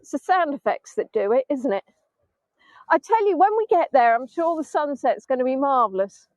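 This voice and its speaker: A woman's voice: high voice, very animated, normal speed, darkish tone, dry recording. Chatty middle-aged woman tour guide outdoors. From England. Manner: chatty, self-mocking, breaks into snatches of song. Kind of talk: casual live-stream chat. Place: outdoors in sand dunes by the sea. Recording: dull, dry phone-stream audio.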